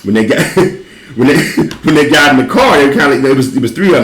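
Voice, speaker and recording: A man chats casually and tells stories, swearing freely and laughing as he goes. His pitch moves all over the place. The room around him is roomy and echoey. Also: animated, quick pace, a bit bright, faint music behind. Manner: laid-back, profane, laughs while telling stories. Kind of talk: casual chat, storytelling.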